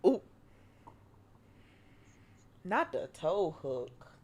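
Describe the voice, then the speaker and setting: A woman's voice: lowish voice, very animated, very slow, darkish tone, slightly rough. A woman streamer chatting casually through a watch-along, laughing often, playfully exasperated, sometimes dropping to a whisper.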